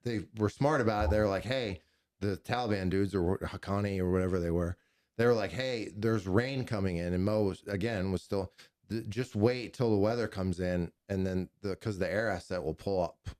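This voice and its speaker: A man with a fairly low voice telling war stories on a podcast. His talk is casual, loose and full of profanity. He rambles and often acts out what other people said. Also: a little fast, darkish tone. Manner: veteran recounting combat. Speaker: podcast host, gun shop owner. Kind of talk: casual war story chat.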